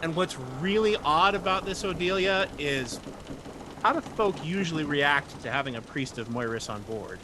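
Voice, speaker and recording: A man's voice: fairly high pitch, expressive, normal speed, noisy background. A man narrating a tabletop game as game master, chatty and joking, describing the scene and what the characters do. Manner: chatty, joking, voices sailors briefly.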